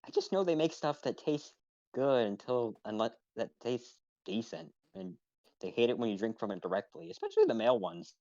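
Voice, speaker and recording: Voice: medium pitch, wildly swooping pitch, fairly quick, creaky, mellow, no room sound, highs cut off. A performer voicing a naive young man who lived underground, talking in an indignant, innocent way. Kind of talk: role-play stream.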